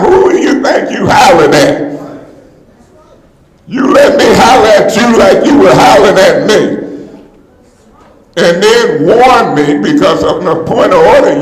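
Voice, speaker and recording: A man speaking as a city council member in a heated public meeting, confrontational and indignant, often hollering his points. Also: mid-range voice. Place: council chamber. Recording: echoey council chamber with long reverb.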